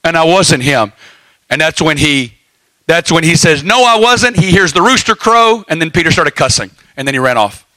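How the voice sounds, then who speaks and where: Bright high-voiced male preacher. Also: normal speed, no echo, poor audio. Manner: folksy storytelling with lively asides. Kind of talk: sermon.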